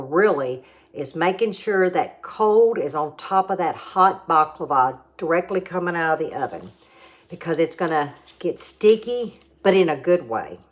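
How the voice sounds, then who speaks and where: Slow, low-voiced woman cooking host. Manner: chatty and homey, explains steps patiently. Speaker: home cooking vlogger. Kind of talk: casual cooking demo and tasting.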